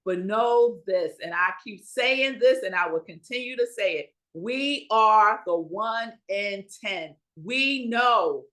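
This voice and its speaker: Slow, emphatic woman preaching a sermon. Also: on the high side, a bit bright. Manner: rhetorical questions to the congregation. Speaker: minister. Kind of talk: Sunday sermon.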